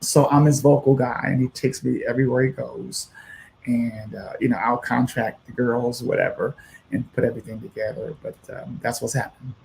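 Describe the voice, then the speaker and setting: Animated gravelly-voiced man telling stories. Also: mid-range voice, moderate pace, a little hiss or hum. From United States. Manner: animated, acts out quoted voices, many fillers. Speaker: musician guest. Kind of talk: storytelling in a radio interview.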